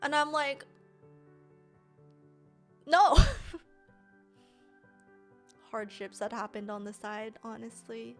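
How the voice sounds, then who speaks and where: A young woman streamer telling a personal story casually, animated and slangy, often laughing. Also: on the high side, normal speed, hardly any pauses, soft background music.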